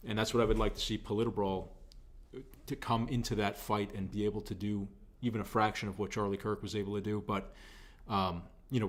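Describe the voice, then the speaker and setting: A young man with a somewhat low voice talks through his political views as a show host. His delivery is earnest and conversational, and he leans on repeated phrases to drive points home. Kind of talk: opinion commentary.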